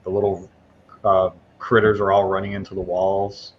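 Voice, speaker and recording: A man narrating as game master, halting with many fillers and restarts. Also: low voice, monotone, muffled recording.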